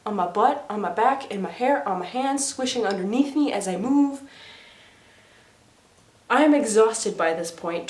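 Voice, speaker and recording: A woman vlogger telling a story casually to her viewers, chatty and rambling, with asides and sound effects. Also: mid-range voice. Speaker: mermaid performer and vlogger. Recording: roomy echo.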